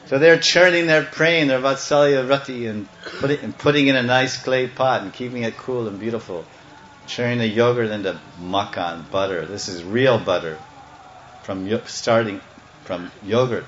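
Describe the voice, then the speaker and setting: A man giving a devotional storytelling sermon, animated and playful, breaking into chants and acting out parts. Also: medium pitch, normal speed, slight background noise. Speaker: devotional speaker. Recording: echoey, slightly muffled room.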